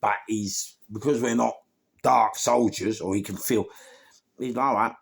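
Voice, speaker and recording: A man's voice: fairly low pitch, fairly even intonation, measured pace, creaky, slightly rough. A middle-aged man, telling a rambling, slangy anecdote and repeating himself as he goes. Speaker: storyteller.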